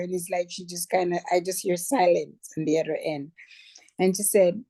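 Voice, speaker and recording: A woman's voice: on the low side, moderate pace, mellow, dry recording. A middle-aged woman, a cancer survivor, telling her personal story in a chatty way and stopping to correct herself. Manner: conversational, backtracks and corrects herself.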